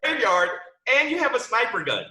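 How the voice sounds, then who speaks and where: A man hosting a comedy podcast, chatting in an animated, joking way. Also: extremely high pitch, moderate pace, echoey room. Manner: animated, joking, laughing often. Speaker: podcast host. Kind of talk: casual comedy podcast chat.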